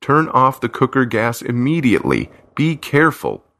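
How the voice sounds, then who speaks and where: A man's voice: mid-range voice, moderate pace, gravelly, voice pushed up, lightly acted. A man voicing a stern, commanding stranger on the telephone in a storybook.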